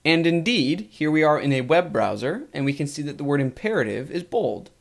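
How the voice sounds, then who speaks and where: Man, coding instructor, lively pitch, slightly higher voice, methodical tutorial narration. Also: fairly quick. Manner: clear, methodical explanation. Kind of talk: screen-recorded tutorial narration.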